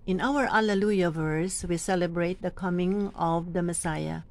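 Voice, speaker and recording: A woman with a Filipino accent who coaches lectors, reading scripture slowly and with deliberate emphasis between her tips. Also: on the low side, a little mellow, dry recording. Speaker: lector trainer. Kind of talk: teaching and modeling scripture reading.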